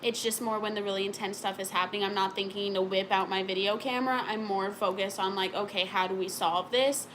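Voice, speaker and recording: A sleepy woman answering viewer questions in a casual chat, halting and searching for words as she rambles. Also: medium pitch, fairly even intonation, fairly bright tone, a little hiss or hum, low-quality recording.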